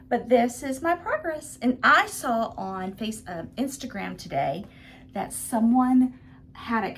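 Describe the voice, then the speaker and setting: A woman's voice: mid-range voice, slight background noise. A woman hosting her own craft vlog, chatting casually and gushing as she shows her work, with frequent ums. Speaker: vlog host. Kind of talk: casual show-and-tell chat.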